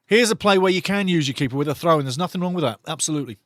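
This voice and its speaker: A man's voice: fairly high pitch, animated, racing, fairly bright tone, no room sound, studio quality. A man doing passionate live football commentary for a watch-along, mocking the referee and bantering with the chat.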